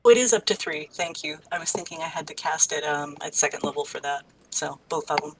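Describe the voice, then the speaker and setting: A woman's voice: sits low, fairly quick, background noise. A woman playing a tabletop game, joking around while explaining her character's actions. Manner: playful, jokey, bursts into mock screams. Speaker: player.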